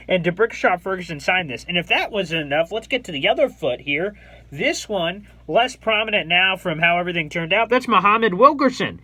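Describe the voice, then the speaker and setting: A young man with a bright, high-pitched American voice tells a casual storytime to his channel. He is animated and excitable, jumping into his own remembered reactions. The sound is close and dry, with no room around it. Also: a little fast, no echo. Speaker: YouTube host telling a story.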